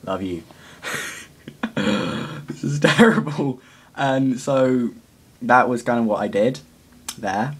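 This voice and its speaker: A man's voice: medium pitch, husky. A teenage boy vlogging casually, awkward and self-deprecating, laughing often and rambling with fillers. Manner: rambling with many fillers and pauses. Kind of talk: casual confessional vlog.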